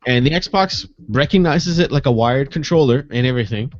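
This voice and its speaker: A man's voice: mid-range voice, animated, normal speed. A man co-hosting a gaming podcast in casual chat, joking and teasing as he talks. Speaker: podcast co-host. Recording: dull lo-fi podcast audio.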